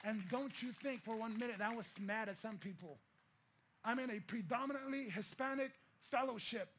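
A middle-aged man from the Philippines preaching a sermon as pastor, telling a personal story and swelling into shouted, pleading passages. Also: extremely high pitch, normal speed, breathy edge.

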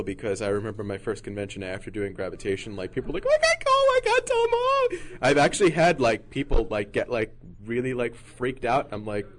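A man speaking as a voice actor on a convention panel, joking, with halting restarts now and then. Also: fairly low pitch. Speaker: voice actor guest.

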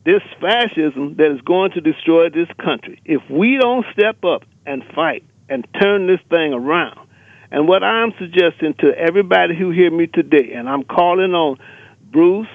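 Over a tinny telephone line, a radio caller with a slightly high, animated voice launches an impassioned, emphatic rant at normal speed, repeating rallying lists; there's no room sound.

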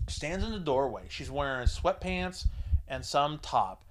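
Profane storyteller man, slightly high. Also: unhurried, noisy background. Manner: profane, animated, acts out voices in his anecdotes. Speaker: podcast co-host telling a story. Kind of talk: casual crude storytelling.

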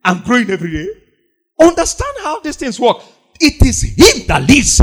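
A man delivers a sermon in a high voice that swings widely up and down. He repeats each point several times and quotes scripture. He breaks into loud exclamations now and then. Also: wildly swooping pitch, normal speed. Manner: emphatic, repeating lines, quoting scripture. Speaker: preacher.

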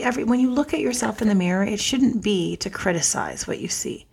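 A woman giving a gentle self-care lesson, soft and earnest, often dropping almost to a whisper. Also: medium pitch, gravelly, husky. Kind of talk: guided self-talk lesson.

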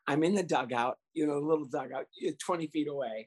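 A man telling a comic anecdote from his years as a youth baseball coach. He speaks in an animated way, breaks into laughter and acts out the voices of the people in his story. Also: fairly high pitch, a little fast, hardly any pauses, slightly rough.

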